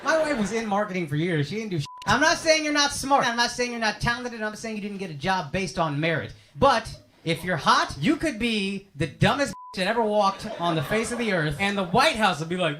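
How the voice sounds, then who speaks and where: A man's voice: sits high, sing-song, a little fast. A man doing stand-up crowd work on a club stage, brash and profane, teasing audience members and laughing at his own jokes. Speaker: stand-up comedian. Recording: roomy club with loud crowd noise.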